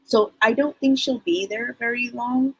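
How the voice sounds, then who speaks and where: Very husky middle-aged woman psychic host. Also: on the high side, fairly even intonation, normal speed, poor audio. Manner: rambling and casual, many fillers. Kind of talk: live broadcast psychic reading.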